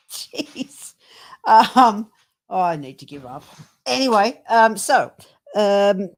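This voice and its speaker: A woman's voice: medium pitch, no echo, clean studio sound. An Australian woman giving a live tarot reading, chatty and rambling with lots of ums, calling viewers darling and sweetheart. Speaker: tarot reader, co-host.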